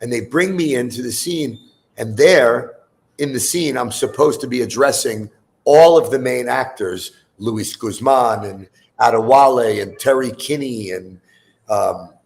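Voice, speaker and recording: A man's voice: medium pitch, a little slow, gravelly. A man in his fifties, a musician guest on a chat show, telling a long story in a loose, profane way, full of fillers.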